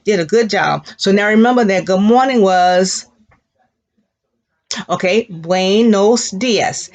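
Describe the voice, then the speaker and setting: A woman teacher runs a recorded language lesson for schoolchildren, drawing out each word slowly so the class can repeat it. Her delivery is unhurried and sing-song, and her pitch sits in the middle range. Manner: slow, drawn-out drills with sing-song praise. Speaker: Spanish teacher.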